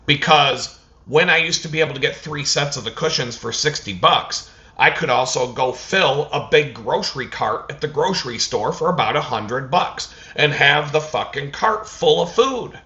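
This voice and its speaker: A man's voice: on the high side, normal speed, muffled recording. A man telling a story in a casual vlog rant, swearing often and acting out what people said to him. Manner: profane, animated storytelling with acted-out quotes. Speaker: vlogger.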